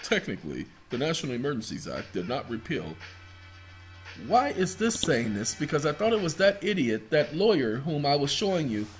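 With a fairly high pitch and big pitch swings, this video host speaks at a moderate pace as faint music plays behind. He rambles casually through documents on his screen in screen-share commentary, talking to viewers as y'all and breaking into snatches of song.

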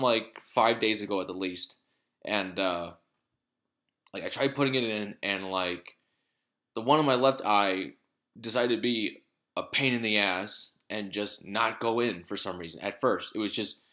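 A man's voice: on the low side, unhurried, a bit bright. A man talking casually to his vlog audience in a rambling way, with lots of fillers, restarts and swearing. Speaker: vlogger.

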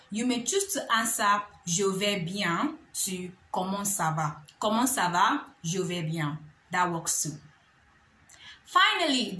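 A woman teaching a beginners' language lesson, repeating each phrase slowly and carefully, with light laughs between examples. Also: mid-range voice, bright, forceful tone. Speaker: French teacher. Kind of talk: slow, clear language lesson. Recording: echoey room with faint ambient noise.

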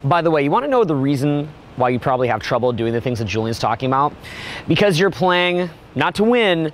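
Quick emphatic man at a seminar. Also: a little high, sing-song. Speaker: dating coach. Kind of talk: seminar talk.

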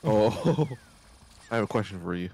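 Low-voiced guy, casual gameplay banter, jokey and crude. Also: lively intonation, a little slow, warm tone, faint music behind. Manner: joking, laughs often, swears freely. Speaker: let's play co-host. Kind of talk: casual gaming chat.

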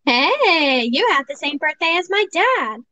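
A woman's voice: high voice, big pitch swings, a little slow, sharp tone. A young woman chatting casually on a stream while she types, giggling and reading questions aloud. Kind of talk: casual chat while typing. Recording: dull lo-fi mic with faint noise.

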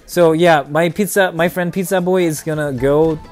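Excitable young male game streamer. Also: a little high, normal speed, faint music behind. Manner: excitable, chatty, laughs often, swings from mumbling to loud cheering. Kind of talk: casual live gameplay commentary.

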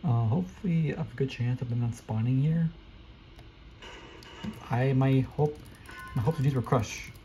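A young man giving live, excitable commentary while playing a video game, often repeating quick exclamations. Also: mid-range voice, soft background music, rough recording. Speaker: gameplay streamer.

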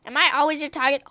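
A woman with a high, bright, cutting voice gives unhurried let's-play commentary, chattering to herself between moves. She bursts into shrieks when things go wrong. The sound is close and dry. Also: no echo. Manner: excitable, talks to herself while playing, shrieks when killed. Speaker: gaming channel host.

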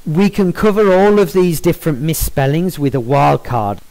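A man walking through a software stylesheet in a screen-recorded tutorial, measured and explanatory, with frequent ums and self-corrections. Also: on the high side, animated, rough recording.

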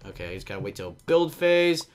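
A young man giving excitable, jumpy commentary on a game, with a slight cough and frequent yelps and laughs. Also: fairly low pitch, a little fast. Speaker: gaming commentator. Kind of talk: casual Minecraft gameplay commentary.

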